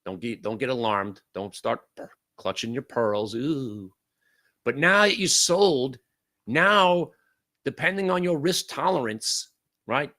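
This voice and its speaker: A man hosting a live day-trading room, commenting brashly on trades, swearing casually and swinging from loud outbursts to low mutters.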